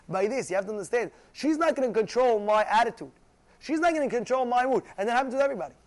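A man teaching a religious class, animated, often acting out quarrels and asking if listeners follow. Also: very high voice. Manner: animated, acts out shouting voices, asks "you know?" often. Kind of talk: Torah class sermon.

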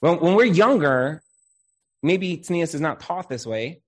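A man's voice: fairly high pitch, unhurried. A man in his thirties, a counselor giving an inspirational talk, who tells stories and acts out the people in them, sprinkling in Hebrew religious terms. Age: 30s. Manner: animated storyteller who acts out quoted voices. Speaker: marriage counselor and Torah speaker.

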